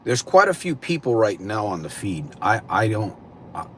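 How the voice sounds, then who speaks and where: A man hosting a live stream, greeting viewers and slowly posing reflective questions to them. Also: lowish voice, sing-song, fairly bright tone, a little hiss or hum. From California. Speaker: livestream host.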